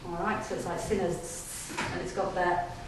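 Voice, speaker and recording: A woman's voice: on the low side, little pitch movement, a little fast, far from the mic, a loud crowd. A woman, a paranormal investigator giving a chatty talk to an audience, often checking in and laughing. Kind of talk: casual storytelling talk to an audience. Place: display day inside an old gaol. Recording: echoey room heard from afar, faint hiss.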